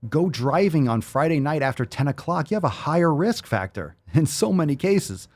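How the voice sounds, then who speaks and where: A man's voice: a little high, big pitch swings, moderate pace, darkish tone. A man hosting a fitness show, ranting in a heated, profane way. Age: adult, 30s or older. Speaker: host. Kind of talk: fitness podcast rant.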